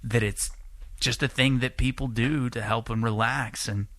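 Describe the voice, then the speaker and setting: A man's voice: mid-range voice, moderate pace, gravelly. A man in his late twenties telling a long, rambling, profane story in a casual podcast chat. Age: late 20s. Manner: rambling, profane, animated when acting out quotes. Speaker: podcast guest.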